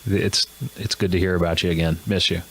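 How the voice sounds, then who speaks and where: A man's voice: sits low, steady tone, fairly quick, fairly bright tone. A man hosting a comedy show, delivering a jokey news monologue with self-mocking, rambling asides.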